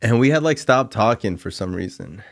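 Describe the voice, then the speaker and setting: A young man with a gravelly, low voice tells his story in a loose, rambling way, packing his sentences with fillers. He is candid and hard on himself. The sound is close and dry, with no room echo. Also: lively intonation, normal speed. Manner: candid and self-critical. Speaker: podcast host sharing recovery story. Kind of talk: casual storytelling monologue.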